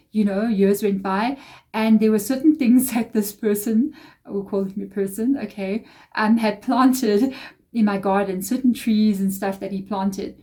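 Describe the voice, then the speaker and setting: Mellow-voiced woman reading tarot. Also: medium pitch. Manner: rambling, confiding, emotional asides. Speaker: tarot reader. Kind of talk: casual tarot reading monologue.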